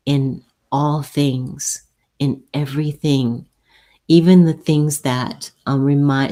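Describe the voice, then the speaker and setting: A woman hosting a live spiritual advice chat and reading oracle cards. She talks gently and soothingly, halting often and repeating herself as she goes. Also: a bass voice. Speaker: host and spiritual healer.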